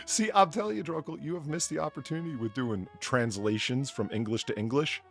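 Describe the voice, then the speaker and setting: A man's voice: medium pitch, moderate pace, soft background music. A man hosting a casual podcast chat, rambling through jokes and swearing. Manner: rambling, joking, profane. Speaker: podcast host.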